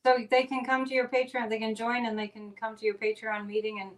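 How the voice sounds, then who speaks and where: A woman's voice: a little high, flat delivery, fairly quick. Chatty upbeat woman hosting a talk show. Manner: chatty, upbeat, rambling plugs. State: a bit out of breath. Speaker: psychic and show host. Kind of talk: casual chat with announcements.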